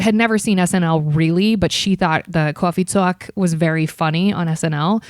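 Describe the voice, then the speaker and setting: A woman in her thirties tells stories from her past in a relaxed, self-mocking chat and keeps acting out her own old lines. Her voice sits low, and the recording is close and dry. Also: dry recording. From Ohio. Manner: chatty, self-mocking, often slips into quoting herself. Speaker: podcast host being interviewed. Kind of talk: casual interview chat.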